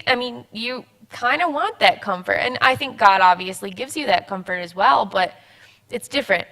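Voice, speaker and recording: Bright-voiced young woman, rambling and laughing. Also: on the high side. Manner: rambling, halting, laughs often. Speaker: church member guest. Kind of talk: casual chat.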